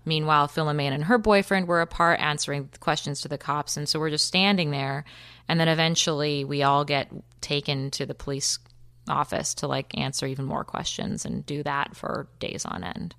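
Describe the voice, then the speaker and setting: A woman in her thirties, a podcast guest, retelling events quickly and vividly, acting out what people said. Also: deep voice, steady tone, vocal fry, fairly bright tone. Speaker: interview guest. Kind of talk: recounting a personal story.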